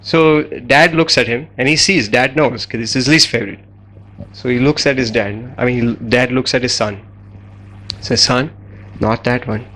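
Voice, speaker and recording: Bright-voiced man giving a storytelling lecture. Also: mid-range voice, moderate pace, low-quality recording. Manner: conversational, anecdotal, frequent fillers. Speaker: guest lecturer.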